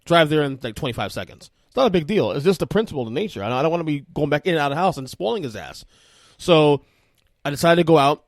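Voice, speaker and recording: A man's voice: a little high, quick pace, no room sound. Rambling man telling a story on his podcast. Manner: rambling, animated, with frequent restarts. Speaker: podcast host. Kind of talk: casual solo podcast storytelling.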